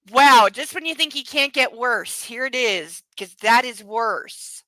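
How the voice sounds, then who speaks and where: A woman's voice: on the high side, animated, unhurried, few pauses, pushed and bright, no echo, rough recording. A woman at home reading a book aloud and adding sarcastic, swearing commentary. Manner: sarcastic, swears freely, talks to her dog.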